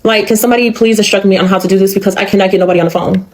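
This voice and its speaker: A woman's voice: medium pitch, fairly even intonation, very fast. Exasperated woman ranting to camera. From United States. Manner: frustrated, exasperated, rhetorical questions. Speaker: vlogger. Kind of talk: casual selfie video rant.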